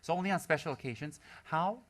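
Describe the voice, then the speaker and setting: A high, bright male voice gives a humorous dharma talk to students. He speaks with an animated swing and often breaks into mimicry and laughter. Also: fast talker. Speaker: Buddhist lama teaching students.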